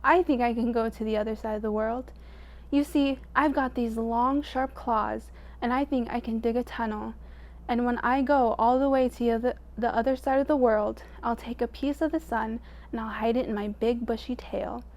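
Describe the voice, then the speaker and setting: A woman's voice: fairly high pitch, fairly even intonation, moderate pace, a little mellow, close to an everyday voice. A woman voicing a shy, timid little male possum in a storybook reading, stammering as he speaks.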